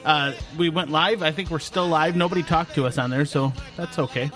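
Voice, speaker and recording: A man hosts a casual podcast, his voice sitting a little high. He rambles and laughs easily while faint music plays under the talk. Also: a little fast, a bit bright. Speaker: podcast host. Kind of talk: casual chat.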